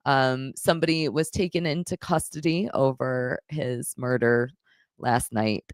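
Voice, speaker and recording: A woman's voice: low voice, no echo, clean studio sound. A woman hosting a live stream, reading viewer messages aloud and answering them in a blunt, profane, emotional way. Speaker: live stream host reading super chats. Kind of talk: casual live stream chat.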